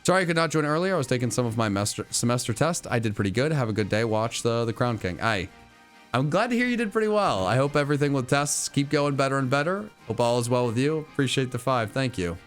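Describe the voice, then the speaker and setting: With faint music behind him, a gaming streamer talks fast in a medium-pitched, animated voice. He's playful and theatrical as he gives live stream commentary and reads and responds to his chat.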